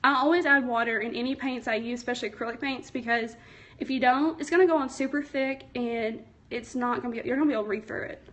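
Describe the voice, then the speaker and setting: A woman's voice: on the high side, fast talker, a bit bright, lo-fi sound. A young woman, chatty and a little nervous, hosting a casual craft livestream from home and answering viewer comments. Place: home, indoors. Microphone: phone.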